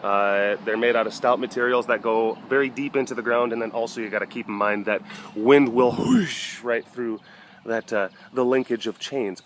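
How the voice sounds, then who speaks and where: A man's voice: medium pitch, fairly even intonation, normal speed, a little hiss or hum. Rambling, jokey man outdoors. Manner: rambling, jokey, coos at the cats, breaks into playful sound effects. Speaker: big cat sanctuary keeper and webcast host. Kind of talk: casual outdoor vlog chat. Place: outdoors at an animal compound during rainy weather.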